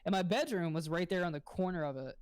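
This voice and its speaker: Podcast co-host, mid pitch, rambling and giggly, dry close sound. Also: fast talker, clear, resonant tone, no echo. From grew up in a log cabin. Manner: rambling, giggly, casual swearing. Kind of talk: casual chat.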